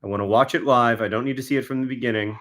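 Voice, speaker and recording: Guy venting wryly on a livestream, mid-pitched, talks right to the chat. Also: steady tone, very fast, fairly bright tone. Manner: exasperated, wry running commentary, talking to viewers. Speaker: livestreamer signing autographs.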